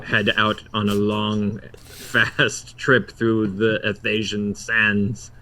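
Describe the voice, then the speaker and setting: A man's voice: on the low side, flat delivery, slow pace, sharp tone. A man playing a tabletop game, speaking earnestly in character. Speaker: player.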